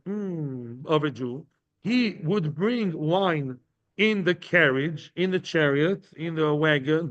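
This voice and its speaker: A man's voice: high voice, fairly bright tone, highs cut off. A man teaching a daily Talmud class to a live group. He translates each phrase, repeats himself and checks in with the listeners. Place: study hall with a live class.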